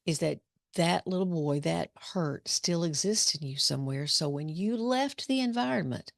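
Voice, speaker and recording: A woman's voice: fairly low pitch, creaky, dry recording, studio quality. A middle-aged woman, a psychologist giving an informal talk to students, telling stories with many restarts. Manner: conversational, storytelling with restarts. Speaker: psychologist leading a discussion.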